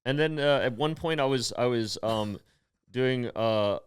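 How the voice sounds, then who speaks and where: Smooth-voiced man in his late twenties. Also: mid-range voice, measured pace, no room sound. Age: 20s. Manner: animated storytelling with acted-out quotes. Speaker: comedian and podcast co-host. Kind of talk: casual podcast chat.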